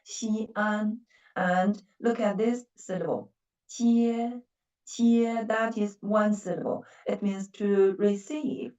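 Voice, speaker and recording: A woman's voice: medium pitch, fairly even intonation, a little slow, hardly any pauses, darkish tone, echoey room, distant mic, dull audio. A woman with a Chinese accent and Mandarin as her first language, teaching a language lesson patiently and repeating words with stressed syllables.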